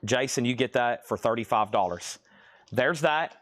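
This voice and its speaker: A man hosting a live-stream record auction, calling out items and prices briskly and often checking in with "okay?". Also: mid-range voice, fairly bright tone.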